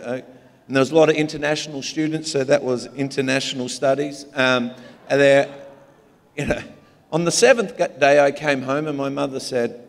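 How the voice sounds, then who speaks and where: A man with an Australian accent, a pastor preaching a humorous, story-filled sermon in a large church. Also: mid-range voice. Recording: long hall reverb.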